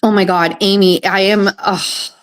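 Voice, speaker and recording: A woman chatting casually on a live stream from her kitchen table, excitable and swearing, often gasping and laughing. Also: medium pitch, unhurried.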